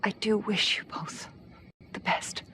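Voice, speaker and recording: An actress playing a returning former lover who speaks softly and hesitantly, sounding apologetic. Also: female voice, mid-range voice, expressive, normal speed, noisy background, lightly acted. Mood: subdued. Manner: soft, hesitant. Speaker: soap opera character.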